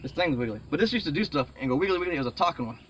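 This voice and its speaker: A middle-aged man rambling excitedly in a casual vlog, full of fillers and restarts, saying he is sweating. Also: on the high side, very fast, slight background noise. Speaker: vlogger.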